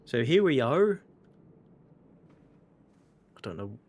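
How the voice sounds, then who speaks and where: A man's voice: medium pitch, big pitch swings, slow pace, darkish tone, husky. An English man casually commenting on his gameplay as a streamer, wry and playful, sometimes slipping into mock-posh phrasing. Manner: playful, wry, slips into put-on posh voices.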